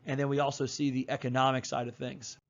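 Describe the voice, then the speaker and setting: A man's voice: medium pitch, level tone, fast talker, lo-fi sound. A man teaching a history lesson in a casual, chatty way, with slang and fillers. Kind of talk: casual recorded lecture.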